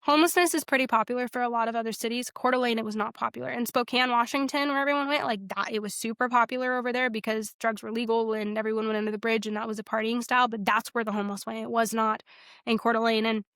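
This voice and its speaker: A young woman with a fairly high voice tells her faith story in a casual podcast. She acts out the dialogue and fills her sentences with "like". The sound is dry and close to the mic. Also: quick pace, clean tone, no echo. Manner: animated, quotes herself and others in dialogue, frequent "like". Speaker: podcast guest sharing her testimony.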